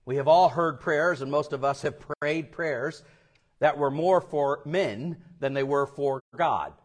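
A male pastor preaching a sermon, telling stories and acting out the people in them with big swings in loudness. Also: on the high side, measured pace. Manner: storytelling, acts out quoted voices with big swings in loudness.

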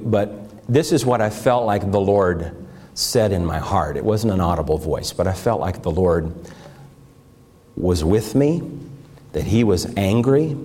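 An older man preaching a sermon as a pastor, impassioned, moving between raised pleading and hushed confession. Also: low-pitched.

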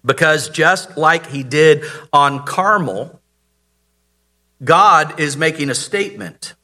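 A man's voice: on the high side, expressive, slow, bright, forceful tone. A man preaching a sermon, telling the story dramatically and asking the audience rhetorical questions. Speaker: pastor.

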